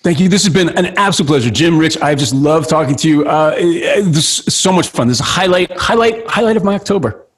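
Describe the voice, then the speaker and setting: A man in his fifties, from New York City, chatting playfully as an actor guest in an interview, joking and animated. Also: on the high side, fast talker. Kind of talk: casual interview chat.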